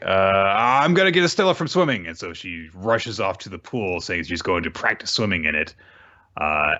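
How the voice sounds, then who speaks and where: A man's voice: deep voice, fairly bright tone, lo-fi sound. A man co-hosting a podcast, casually recapping manga chapters in a rambling way, often correcting himself and adding asides.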